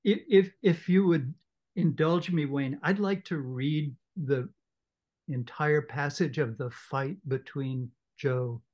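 A man's voice: a little high, slow pace, muffled recording. A man in a book club discussion, reading a novel aloud with enthusiasm and expression.

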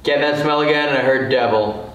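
A shaken young man reports what a spirit box says, swearing and sounding close to tears. He is far from the mic in a hugely echoey empty hall, and a clear hiss sits under his voice. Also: mid-range voice, fast talker, fairly bright tone. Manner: rattled, swearing, shaky and emotional. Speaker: paranormal investigator. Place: large abandoned hospital, indoors at night.

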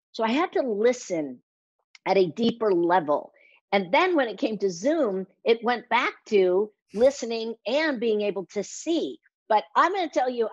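A woman who works as a speaking coach appears as an interview guest, talking with lots of energy and acting out little quotes in shifting voices. Her voice sits a little high, and the muffled recording has no room sound.

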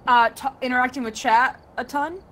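High voiced woman co-streaming, chatty and giggly, just hanging out. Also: brisk, fairly bright tone. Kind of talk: casual gaming stream chat.

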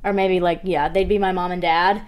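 A woman in her twenties from Georgia with a softened Southern accent, chatting as a guest in a studio interview, giggly and bubbly. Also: on the low side, flat delivery, normal speed. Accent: Southern US, toned down. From Georgia, USA. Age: 20s. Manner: giggly, bubbly, laughs often. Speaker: actress, guest. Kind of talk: casual interview chat.

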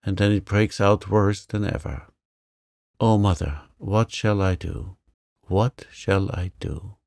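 A man's voice: deep voice, fairly even intonation, takes it slowly, vocal fry, darkish tone, no room sound, studio quality, full character voice. Man voicing a remorseful hot-tempered girl. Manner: pleading, tearful.

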